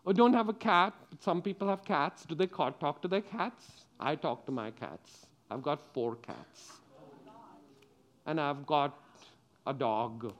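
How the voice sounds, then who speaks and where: A man's voice: a little high, measured pace. A middle-aged man giving a children's sermon, telling the story with animation and asking the children questions. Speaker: preacher.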